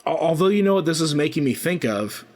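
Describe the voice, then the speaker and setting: A man's voice: a little high, expressive, quick pace, a little mellow. A man co-hosting a casual comedic podcast, riffing on ideas with enthusiasm. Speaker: podcast co-host.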